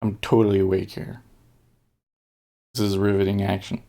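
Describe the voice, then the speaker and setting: A man's voice: low voice, little pitch movement, normal speed, dark tone. A man casually thinking aloud as he day-trades on a live stream, talking in fits and starts. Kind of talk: casual live-stream commentary while trading.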